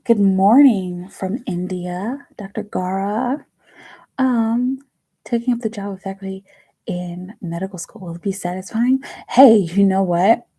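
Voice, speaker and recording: A woman hosting a live tarot reading stream, talking casually in a slow, halting way, repeating words and murmuring to herself as she shuffles. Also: medium pitch, warm tone, slightly rough, rough recording.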